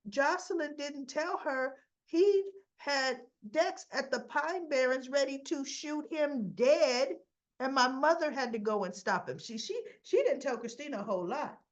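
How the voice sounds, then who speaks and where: A woman's voice: high-pitched, animated, unhurried, lo-fi sound. A woman giving a chatty, sassy recap of a soap episode, acting out the characters' lines as she goes. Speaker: soap opera reviewer.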